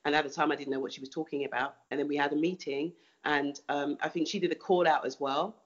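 A woman's voice: low-pitched, steady tone, fast talker, lo-fi sound. A woman artist answering interview questions thoughtfully, often restarting and repeating words.

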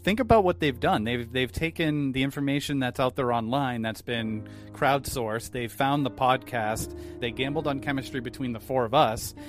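A man's voice: medium pitch, normal speed, few pauses, soft background music. A man hosting a podcast, speaking earnestly and with enthusiasm. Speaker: podcast host. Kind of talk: casual podcast chat.

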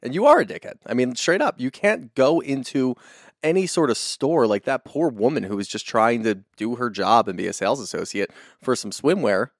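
A man co-hosting a casual recap podcast, ranting bluntly and swearing freely. His voice sits at a middling pitch. The sound is dry and close. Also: lively intonation, moderate pace, dry recording. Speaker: podcast co-host.

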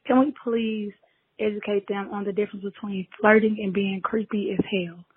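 A woman's voice: mid-range voice, fairly even intonation, normal speed, breathy edge, dry recording, narrow, tinny audio. Exasperated woman on a phone voicemail. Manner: exasperated, pleading. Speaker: voicemail caller. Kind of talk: casual voicemail.

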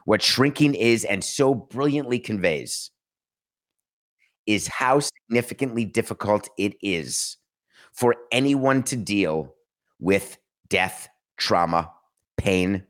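Emphatic low-voiced male podcast host. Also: lively intonation, slow. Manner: emphatic, sarcastic, rants with rhetorical questions. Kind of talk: solo podcast monologue.

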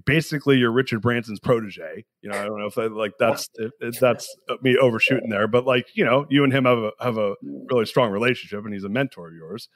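A man's voice: medium pitch, fast talker, few pauses, no room sound, studio quality. A man hosting a podcast interview, chatting enthusiastically with slangy, hyped energy over a video call. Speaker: podcast host. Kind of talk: casual interview chat.

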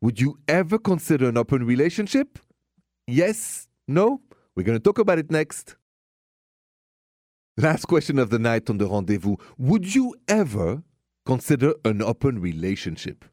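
A man with a thick French accent hosts a late-night call-in radio show about love. His mid-pitched voice is playful and romantic, and it sits close and dry on a studio mic with no room sound. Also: very animated, normal speed, darkish tone, no room sound. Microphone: studio microphone.

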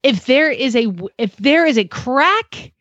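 A woman co-hosting a podcast in casual chat, animated and jokey and laughing often. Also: high-pitched, a little slow, no echo, highs cut off. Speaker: podcast co-host.

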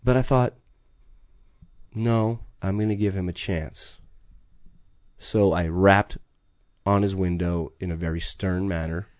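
A man's voice: sits low, fairly even intonation, slow, pauses often, a little mellow, dry recording, studio quality. A middle-aged man, telling a story in conversation with intense, profane urgency. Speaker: podcast guest.

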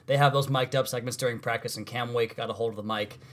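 Male podcast host, rapid casual delivery, chatty sports talk. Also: medium pitch, steady tone. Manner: fast, conversational, self-correcting.

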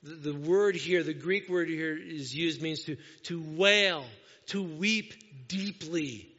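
A man preaching a sermon as pastor to his church, lively and acting out the people he talks about. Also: a little high, slow. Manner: animated, acts out quoted voices. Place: church sanctuary. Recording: dull lo-fi sound with long hall reverb.

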